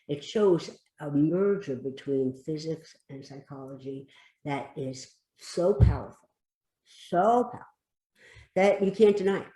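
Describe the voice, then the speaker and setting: An emphatic woman talks as an expert guest on a podcast, driving her points home by repeating them. Her voice is mellow and relaxed in tone. The sound carries a noticeable room echo. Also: deep voice. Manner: emphatic, repeats key phrases. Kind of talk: podcast conversation.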